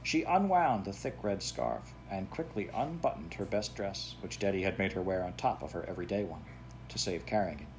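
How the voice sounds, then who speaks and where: A man narrating a children's classic aloud in a steady, plain storytelling manner. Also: low-pitched, fairly quick, a little hiss or hum. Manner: steady, plain storytelling with a few self-corrections. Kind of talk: audiobook reading of a children's classic.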